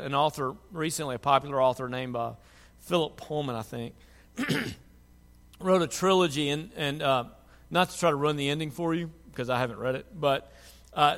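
A man preaching a sermon, moving from quiet reflection to loud, impassioned pleading. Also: on the high side. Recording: long hall reverb.

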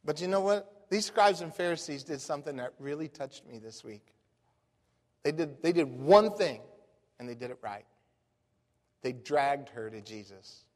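A folksy pastor with a high voice for a man delivers a storytelling sermon at a moderate pace, animated and down-home. A long reverb from a big hall trails every word.

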